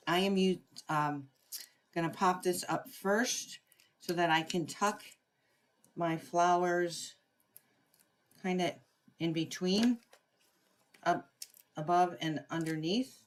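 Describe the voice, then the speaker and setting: A woman's voice: on the low side, slow pace, pauses often, a little hiss or hum. A woman running a live crafting tutorial, chatting through each step and greeting viewers by name. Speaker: craft demonstrator.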